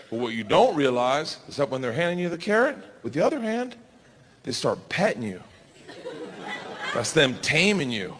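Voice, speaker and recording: A man in his forties doing stand-up comedy on a big stage, telling his stories loudly. His voice is a bit high and swings all over the place. The sound rings out in a large hall, with a loud crowd laughing behind him. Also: normal speed, long pauses. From United States. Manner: loud, animated storytelling. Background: audience laughter and noise.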